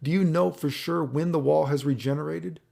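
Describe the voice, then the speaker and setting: Gravelly, dark-voiced man ranting about a game. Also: on the high side, fairly even intonation, normal speed. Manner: rambling, profane, keeps checking in with "right?". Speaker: fighting game commentator. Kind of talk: casual commentary over gameplay footage.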